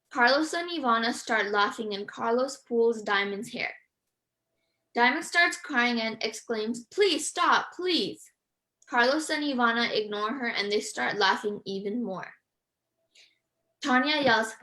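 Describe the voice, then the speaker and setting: A woman's voice: a little high, unhurried, sharp tone, rough recording. A woman author on a radio interview, earnest and a bit hesitant, reading from her book. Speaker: author and guest. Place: radio studio.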